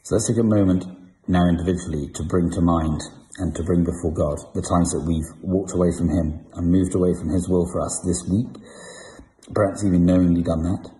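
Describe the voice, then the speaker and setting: A man leading a congregation in confession and prayer, speaking in a slow, measured and solemn way. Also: deep voice, dark tone, low-quality recording. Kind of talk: liturgical prayer and invitation.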